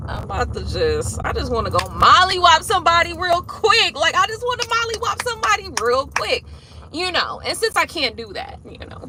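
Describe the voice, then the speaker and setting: A woman chatting casually and venting in a car, profane and animated, with frequent laughs. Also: very high-pitched, background noise. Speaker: tarot reader vlogger. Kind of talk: casual venting chat while driving.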